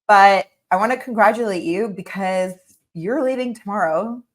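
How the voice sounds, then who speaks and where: A woman's voice: medium pitch, normal speed. A woman hosting a podcast interview, talking in an encouraging, effusive way with many fillers. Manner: encouraging, effusive, heavy use of "like". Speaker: podcast host. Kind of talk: casual interview chat.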